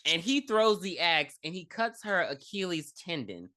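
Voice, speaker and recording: Podcast co-host, female, lively bright voice, swears freely, acts out scenes as she recaps them. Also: lowish voice, a little slow. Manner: profane, animated, acts out characters in her retelling. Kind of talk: casual movie recap chat.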